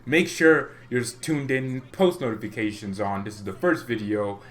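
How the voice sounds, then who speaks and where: A young man hosting a football fan channel, ranting casually to camera in an animated, mock-menacing way and chuckling between points. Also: mid-range voice, normal speed.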